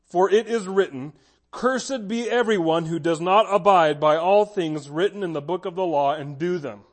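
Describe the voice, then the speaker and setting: A male pastor preaching a sermon, emphatic, slowing down to stress his key words. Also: high-pitched. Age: adult with a child.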